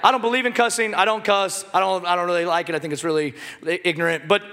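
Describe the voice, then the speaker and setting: A pastor with a very high, bright voice preaches fast and animatedly, cracking jokes and then shouting the lines he wants to land. The long reverb of a big hall rings through the sermon.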